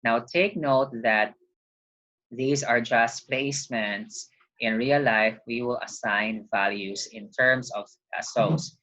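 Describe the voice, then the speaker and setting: A man's voice: mid-range voice, steady tone, slow pace, pushed and bright. A man giving a recorded accounting lecture, explaining patiently step by step and stopping often to remind listeners of key points. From Philippines. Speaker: accounting teacher. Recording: dull lo-fi recording.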